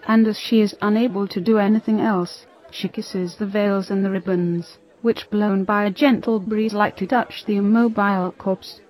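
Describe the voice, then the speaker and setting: A woman narrating a religious story in a steady, reverent reading. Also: mid-range voice, moderate pace, hardly any pauses, a faint crowd, low-quality recording.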